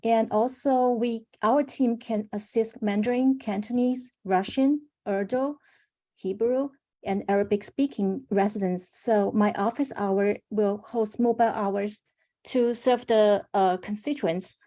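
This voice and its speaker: Mellow-voiced woman making announcements. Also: mid-range voice, fairly even intonation, unhurried. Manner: announcing details with small restarts. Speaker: staffer for a state senator. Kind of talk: meeting announcements.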